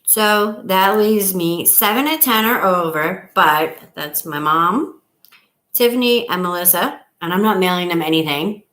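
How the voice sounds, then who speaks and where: A woman's voice: lowish voice, unhurried, a bit bright. A middle-aged woman hosting a casual live stream from home, chatty and rambling, trailing off as she counts. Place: at home, camera on a table. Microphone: device camera on a table.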